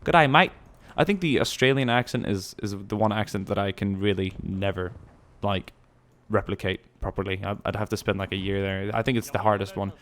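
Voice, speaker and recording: Low-voiced man rambling over gameplay. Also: steady tone, fairly quick, hardly any pauses. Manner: rambling, musing aloud, casual swearing. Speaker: gaming channel host. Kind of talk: casual gameplay commentary.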